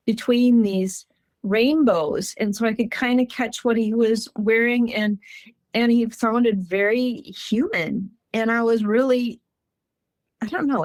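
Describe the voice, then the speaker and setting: A woman from Minnesota shares a personal story in a casual, earnest way. Her voice sits fairly high, and the sound is close and dry. She stays animated and laughs often. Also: dry recording. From Minnesota, USA. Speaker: guest recounting a personal encounter.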